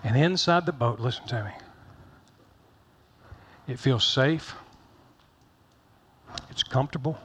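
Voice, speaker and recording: A man's voice: mid-range voice, slow, long pauses, fairly bright tone, a little hiss or hum. A middle-aged man pastor giving a conversational sermon, folksy and joking, repeating phrases for emphasis.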